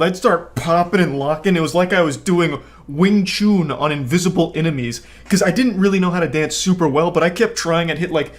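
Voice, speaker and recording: Dry, deadpan young man telling stories. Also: on the high side. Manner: dry, deadpan, sarcastic delivery with casual swearing; relaxed, unhurried storytelling with frequent fillers. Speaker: YouTube commentator. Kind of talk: casual commentary on a video clip.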